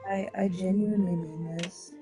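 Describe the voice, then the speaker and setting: A woman's voice: on the low side, steady tone, normal speed, warm tone. A woman co-hosting a live talk show, blunt and exasperated yet caring toward a troublesome caller. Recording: music playing behind.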